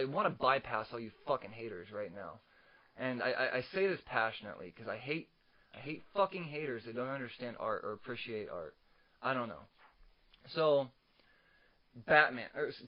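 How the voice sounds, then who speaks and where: A man's voice: mid-range voice, dull audio. A young man co-hosting a casual comics podcast, swearing a lot and stammering through restarts as he rants. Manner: profane, ranting, stammers on restarts. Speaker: podcast co-host.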